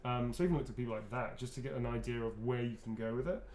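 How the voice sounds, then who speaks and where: A man's voice: mid-range voice, fairly even intonation, racing, a crowd in the background. A man, a voice actor, chatting loosely while signing autographs and answering fan questions, often restarting his sentences. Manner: rambling, self-correcting, chatty.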